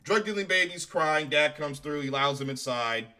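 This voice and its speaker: A man's voice: on the high side, lively intonation, normal speed, sharp tone. A man giving a casual reaction review of a show, profane, sarcastic and exasperated. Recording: faint music behind.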